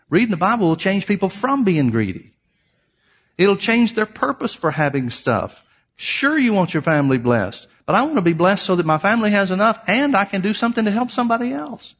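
A man's voice: high voice, big pitch swings, brisk, a bit bright, husky. A man preaching a sermon, reading scripture aloud and explaining it, emphatic and repeating key phrases for his listeners.

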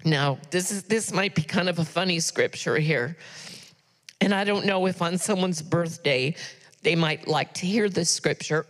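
A middle-aged woman giving church announcements from the pulpit, chatty and earnest, with frequent ums and asides. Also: on the low side. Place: church sanctuary. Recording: long reverb of a church hall.

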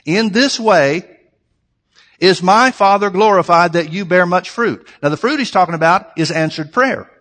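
A pastor preaching in a church sanctuary, his voice sitting a little high for a man. He talks in an earnest, conversational way and builds emphasis through repetition. A long reverb trails each phrase through the large hall. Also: moderate pace, fairly bright tone. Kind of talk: sermon.

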